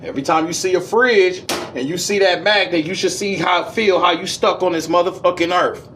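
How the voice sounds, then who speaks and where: A man giving a casual esoteric lecture, reading passages aloud and riffing on them in profane street slang, swinging between high and low registers. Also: a little fast, a bit bright, slight background noise. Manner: reads passages, then riffs in profane slang.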